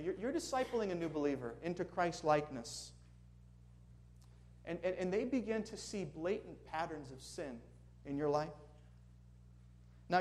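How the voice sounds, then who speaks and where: A man's voice: sits high, darkish tone. A man preaching a sermon in a conversational way, asking the congregation questions as he goes. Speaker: pastor.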